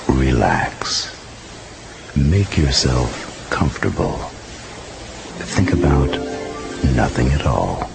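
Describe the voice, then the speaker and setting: A man doing a slow, soothing mock-hypnosis recording, breaking into whispers. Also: a bass voice, vocal fry. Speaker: comedy sketch voice.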